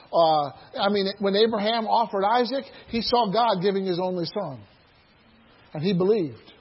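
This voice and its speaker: A man preaching a sermon to his church, building to loud shouted crescendos and dropping back to a low, quiet delivery. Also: muffled recording. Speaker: pastor.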